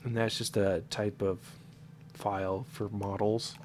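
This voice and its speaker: A man explains a modding process in a relaxed, slow, low-pitched way, his nose audibly congested from allergies. He talks loosely, with fillers and half-finished words he corrects on the fly. A faint hum of noise sits under the voice. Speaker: modding tutorial maker. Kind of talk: casual screen-recorded tutorial.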